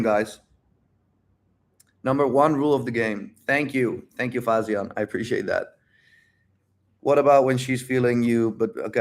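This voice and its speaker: A man with a mid-range voice holds a casual livestream Q&A as a dating coach. He talks bluntly and animatedly, repeating his points and swearing freely. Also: medium pitch. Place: home livestream.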